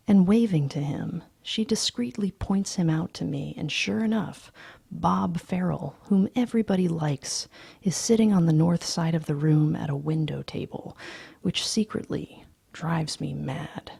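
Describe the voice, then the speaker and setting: A woman narrating a novel aloud in a slow, hushed, half-whispered delivery. Her voice is dark and gravelly with a husky edge. The pace stays unhurried throughout. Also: low voice, steady tone, no echo. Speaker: audiobook reader.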